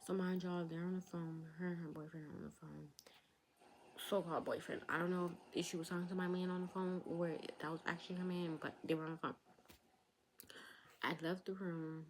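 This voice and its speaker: A woman's voice: on the low side, flat delivery, a little fast, slight background noise, rough recording. A young woman telling a personal storytime to her viewers, chatty, talking straight to them and slipping into whispered asides. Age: young adult. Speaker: vlogger. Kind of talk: storytime vlog.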